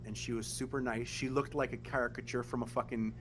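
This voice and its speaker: A man hosting a podcast, telling animated, profane family stories in casual chat. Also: medium pitch, fast talker, background noise. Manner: animated, profane, acts out quotes. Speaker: podcast host.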